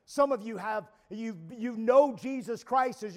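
A man preaching a sermon at a camp meeting, retelling a story with frequent stammering restarts and rising to shouts. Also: very high voice, measured pace, hardly any pauses. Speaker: pastor.

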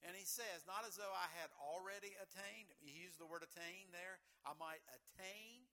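A middle-aged man, a pastor, preaching a sermon in an earnest way, with loud emphatic lines and quiet asides. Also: high voice, normal speed.

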